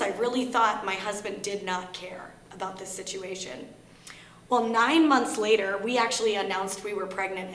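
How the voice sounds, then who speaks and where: A woman's voice: mid-range voice, a bit bright. A woman with a Minnesota accent, speaking to a library audience in a candid, earnest way, sharing a personal story. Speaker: guest speaker on grief. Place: library meeting room. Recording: echoey room with faint hum.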